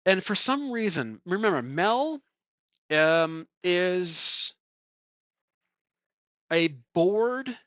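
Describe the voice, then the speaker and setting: A man's voice: sits high, big pitch swings, very slow, long pauses, fairly bright tone, no echo, dull audio. A man thinking aloud as he plays a solo tabletop game, chuckling and correcting himself as he goes. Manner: rambling, chuckling, self-correcting. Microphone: desk microphone.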